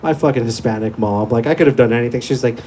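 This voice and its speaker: A man's voice: medium pitch, fast, warm tone, slight background noise. Profane young man doing stand-up. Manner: crude, profane, laid-back storytelling. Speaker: stand-up comedian. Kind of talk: stand-up comedy set. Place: small comedy club. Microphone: handheld mic.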